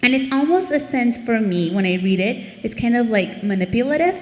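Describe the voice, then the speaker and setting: A woman's voice: fairly high pitch, brisk. Earnest woman teaching scripture, echoey room. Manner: earnest, animated when reading scripture aloud. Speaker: ministry speaker. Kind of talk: devotional Bible teaching. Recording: echoey room with long reverb.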